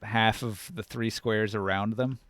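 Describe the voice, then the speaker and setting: Man running a tabletop game, smooth dry voice. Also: on the low side, a little slow, dry recording. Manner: casual, animated narration with counting and sound words. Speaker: game master.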